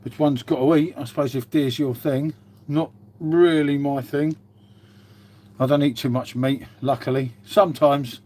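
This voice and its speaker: A man's voice: mid-range voice, fairly even intonation, unhurried, dark tone. A British man hosting a casual livestream, chatting and swearing freely while greeting and answering viewers. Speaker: livestream host. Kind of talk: casual live-stream chat.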